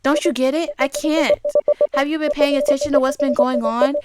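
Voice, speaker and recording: A woman voicing an obsessed male stalker boyfriend from a game, talking quietly, gently and unsettlingly. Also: high-pitched, fairly even intonation, normal speed, very noisy, lightly acted. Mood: insistent.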